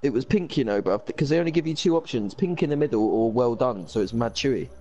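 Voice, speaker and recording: A young man, ranting in animated slang during a casual chat while gaming. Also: mid-range voice, fast talker.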